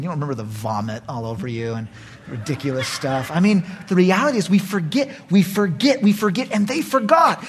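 A male pastor preaching a lively sermon to his congregation, acting out voices and laughing often. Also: high-pitched, quick pace, husky.

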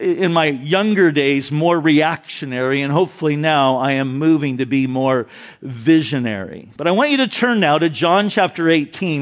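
A man preaching an expository sermon, retelling Bible stories in an animated, casual way. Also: fairly high pitch. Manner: animated storytelling, paraphrases Bible figures casually. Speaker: pastor.

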